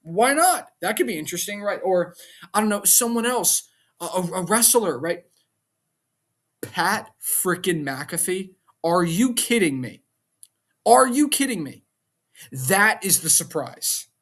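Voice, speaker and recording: This man's voice is high and unhurried as he vents about a wrestling show on his casual vlog. He sounds animated and fed up, throwing out one rhetorical question after another.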